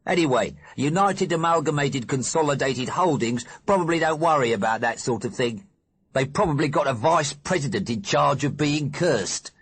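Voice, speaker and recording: A man's voice: on the high side, animated, normal speed, a bit bright, husky, no echo, voice pushed up, exaggerated voice. A man reading an audiobook, voicing a gloomy tough teenage boy who talks in a glum, complaining way.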